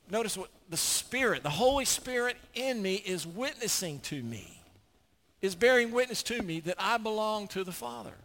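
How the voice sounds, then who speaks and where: An older man preaching with a high, bright, forceful voice. He talks emphatically, tripping over and repeating words when he gets worked up. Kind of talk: sermon.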